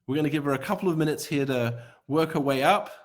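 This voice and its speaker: A man hosting a live-streamed charity gala, upbeat and ad-libbing to fill the pauses. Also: fairly high pitch. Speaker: event host.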